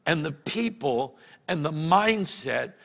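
A middle-aged man, preaching a sermon as pastor, folksy and animated, acting out stories in his own voice. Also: on the high side, slow pace, creaky. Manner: folksy, animated storytelling with acted-out quotes. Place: church sanctuary. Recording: long hall reverb in a church.

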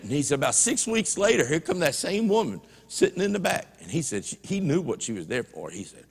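A man's voice: mid-range voice, big pitch swings, a little fast, long reverb tail. A man preaching a sermon in a church, telling stories in a folksy way and retelling conversations line by line. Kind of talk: sermon storytelling. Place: church sanctuary.

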